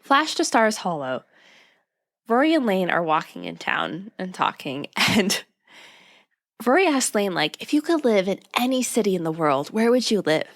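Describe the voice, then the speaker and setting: Animated young woman retelling a show. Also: moderate pace. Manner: animated retelling, quoting characters in a lowered voice, laughing often. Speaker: podcast co-host. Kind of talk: casual chat recapping a TV episode.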